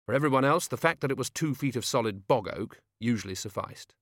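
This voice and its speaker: A man narrating a story as an audiobook, steady and wry. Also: mid-range voice, fairly quick, dry recording, clean studio sound.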